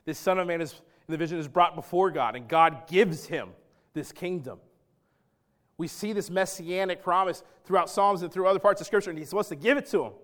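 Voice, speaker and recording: A man preaching a sermon as pastor, emphatic and dramatic, swinging between loud stretches and hushed ones and talking straight to his congregation. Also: sits high, fairly quick. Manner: acts out quoted speech and addresses the congregation directly.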